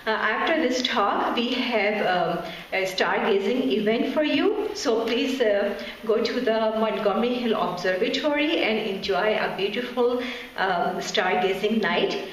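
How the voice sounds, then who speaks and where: A woman host gives a polite, somewhat hesitant introduction, with frequent filler pauses. Her voice is slightly high. It comes from a distance in a very echoey room with faint noise behind. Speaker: event host. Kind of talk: formal speaker introduction. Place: lecture hall. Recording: echoey hall from far off.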